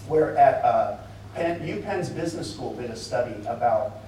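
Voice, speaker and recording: A man's voice: mid-range voice, animated, normal speed, warm tone, slight background noise. A man preaching a sermon in a conversational way, with casual asides to the congregation. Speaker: pastor. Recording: echoey hall, mic at a distance.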